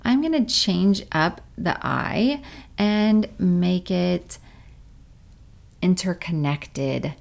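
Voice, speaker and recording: A woman, around her thirties, gently guiding a meditation practice in a calm, unhurried way, at times drawing on her own life as a parent. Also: fairly low pitch, gravelly. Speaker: meditation guide. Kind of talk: guided meditation.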